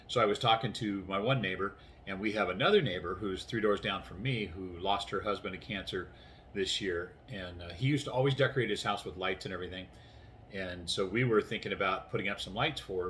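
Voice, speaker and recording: A man's voice: low-pitched, brisk, fairly bright tone, a little hiss or hum. A tired man in his sixties, rambling through a casual vlog story indoors at home and acting out the conversations. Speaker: vlogger. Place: inside his house, doors closed.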